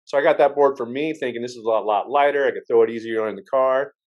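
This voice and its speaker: A fast-talking podcast host with a medium-pitched voice spins casual, rambling stories, restarting frequently and dropping the odd swear word. The recording is muffled.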